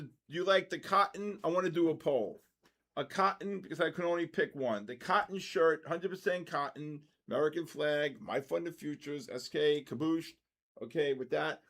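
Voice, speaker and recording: An older man hosts a casual trading livestream, chatting loosely and breaking into excited shouts when the markets move. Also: fairly high pitch.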